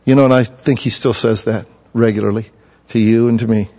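A middle-aged male pastor preaching a sermon, telling folksy stories and swinging from hushed, low passages to loud, emphatic ones. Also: fairly even intonation, fast talker. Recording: dull lo-fi recording.

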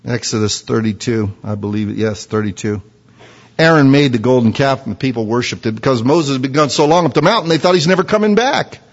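A man preaching a sermon in a conversational, animated storytelling manner with frequent asides. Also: mid-range voice, fairly quick. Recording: dull recording in a reverberant hall.

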